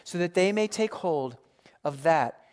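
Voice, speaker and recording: A fairly high-voiced man delivers a sermon as pastor from a church pulpit. He preaches earnestly and with emphasis, pressing points home and then easing into quieter, reflective passages. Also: expressive, measured pace, smooth.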